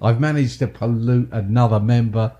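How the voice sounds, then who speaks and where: A man's voice: medium pitch, steady tone, moderate pace, mellow, dull audio. A man with an English accent co-hosting a podcast, talking casually, teasing his co-host and laughing often. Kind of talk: casual chat.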